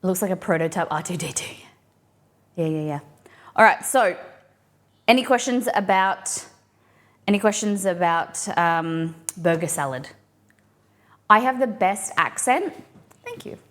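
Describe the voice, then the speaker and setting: A woman's voice: lowish voice, animated, measured pace, long pauses, fairly bright tone. A young woman from Australia with a mild, blended Australian accent, chatting casually on a live cooking stream and answering her viewers as she rambles. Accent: mild Australian, mixed and softened.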